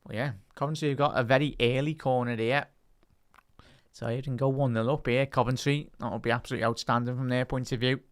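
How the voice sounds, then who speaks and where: A young man with a Liverpool accent hosts a live football watch-along and talks casually with his chat between plays. When the action picks up he moves into quick play-by-play calls. His voice is smooth and clear, sits at a middle pitch, and is recorded dry and close. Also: steady tone, no echo. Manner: chatty, reads live chat aloud and lifts into play-by-play calls. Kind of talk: live match-day watch-along commentary.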